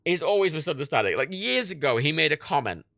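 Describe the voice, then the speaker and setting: A late-twenties man hosts a livestream, animatedly telling stories in casual chat, swearing a lot and laughing often. His voice is on the high side and fast with vocal fry, studio quality with no echo.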